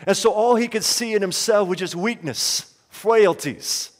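A man's voice: high-pitched, measured pace, long reverb tail. A man preaching a sermon as pastor, pleading and impassioned, acting out the voices of the people in his story.

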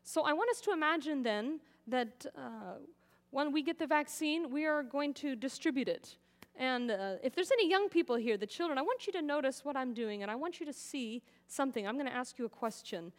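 A young woman preaches to a congregation with earnest encouragement in a fairly high voice. Her words ring out with a long reverb in a church hall, and she keeps turning to the pews with questions. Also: lively intonation, brisk. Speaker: missionary speaker. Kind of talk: sermon. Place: church sanctuary.

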